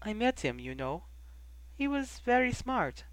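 A reader voicing a quiet, grieving young woman in a storybook reading, speaking softly. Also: medium pitch, very animated, measured pace, no echo, pitched above the performer's own voice, rough recording. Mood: sad. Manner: soft, quiet delivery. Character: young woman, soft-spoken, grieving and guarded.

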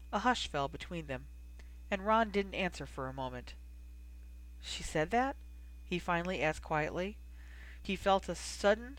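A woman's voice: fairly low pitch, fairly bright tone, no room sound. Woman narrating a story, dry and close. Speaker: audiobook reader. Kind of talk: fan fiction audiobook narration.

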